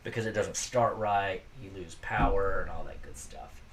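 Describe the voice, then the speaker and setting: A man's voice: sits low, normal speed, a bit bright, recorded from a distance, slight background noise. A man casually hosting a live stream, rambling and chatting with viewers from his garage workshop.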